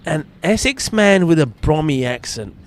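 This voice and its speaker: Chatty cricket commentator, lively voice. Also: male voice, on the high side, measured pace. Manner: chatty, banters with nearby fielders. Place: outdoors at a cricket ground.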